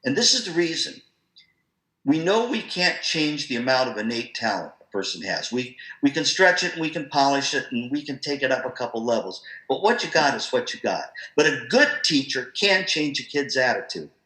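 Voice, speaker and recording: A man presenting an online professional-development talk to music teachers, in a lively, conversational, storytelling manner. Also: mid-range voice, normal speed, echoey room, low-quality recording.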